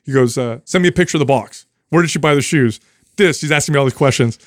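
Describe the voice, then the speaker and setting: Animated storytelling man, dry sound. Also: medium pitch, fast talker, no echo. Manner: animated, acts out quoted voices. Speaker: podcast host, trainer. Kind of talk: casual storytelling.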